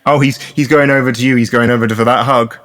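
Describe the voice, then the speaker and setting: A man's voice: mid-range voice, fairly even intonation, fast talker, fairly bright tone. A man running a tabletop game as game master, narrating in a casual, hesitant way.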